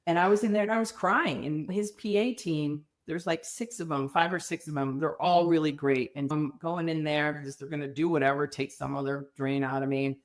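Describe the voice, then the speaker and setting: A middle-aged woman with a somewhat low voice tells her story as an interview guest. She talks candidly and slips into quoted dialogue with animated voices. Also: brisk, hardly any pauses. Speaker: podcast guest.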